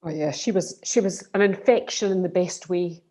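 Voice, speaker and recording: A woman with a Scottish accent speaking passionately and emphatically, with quick restarts, as a guest on a video call. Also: fairly low pitch, warm tone. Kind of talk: casual remembrance conversation.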